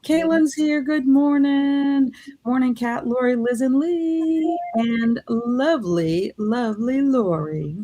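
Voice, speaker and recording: A woman's voice: high voice, slow pace, mellow. A woman from Louisiana, hosting a casual livestream from her home office, reading chat comments aloud and laughing often. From Louisiana, USA. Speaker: livestream host.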